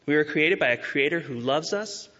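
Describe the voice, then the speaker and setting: Pastor, male, earnest sermon delivery, slightly higher voice, dull sound with long reverb. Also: expressive, bright, forceful tone. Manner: earnest, urging, with emphatic rises and slow stresses.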